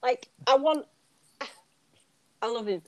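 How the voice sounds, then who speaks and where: Woman co-host, giggly and chatty, slightly high voice, dry close mic. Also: slow, dry recording. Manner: giggly, chatty, uses "like" often. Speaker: podcast co-host. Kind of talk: casual wrestling chat.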